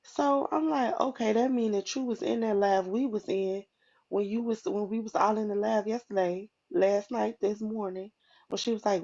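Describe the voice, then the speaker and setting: Blunt, profane woman with a gravelly voice, live chat gossip, muffled lo-fi stream sound. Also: mid-range voice, fairly even intonation, normal speed, darkish tone. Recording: dull lo-fi live stream audio.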